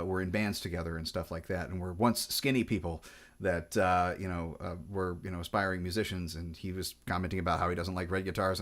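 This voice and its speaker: Chatty rambling man with a Pacific Northwest accent. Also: sits low. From Washington State. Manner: chatty, digressive, many restarts and fillers. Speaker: guitar vlogger. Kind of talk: rambling casual chat.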